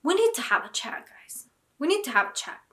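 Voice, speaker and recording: A woman's voice: sits high, big pitch swings, brisk, bright, forceful tone. A young woman vlogging about books, talking casually and animatedly with dramatic, indignant outbursts. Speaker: book vlogger. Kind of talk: casual reaction vlog.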